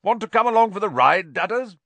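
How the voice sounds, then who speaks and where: A man reading aloud and voicing a loud, snarling, bullying middle-aged uncle. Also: high voice, animated, brisk, no echo, voice pushed up, heavily acted. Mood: blustering.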